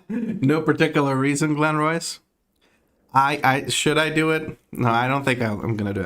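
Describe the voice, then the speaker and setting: A man's voice: on the high side, normal speed, fairly bright tone. A man streaming from home, chatting casually with his audience, laid-back and laughing often as he reads chat aloud.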